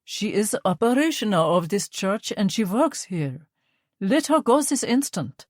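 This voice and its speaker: A woman's voice: mid-range voice, very animated, a little slow, a little mellow, breathy edge, no room sound, studio quality. Woman voicing an earnest pleading priest. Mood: commanding.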